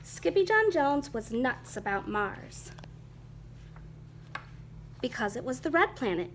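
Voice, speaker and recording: A woman reading a children's picture book aloud in a lively, expressive, rhythmic way. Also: high-pitched, slow, pauses often, slight background noise. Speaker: storyteller.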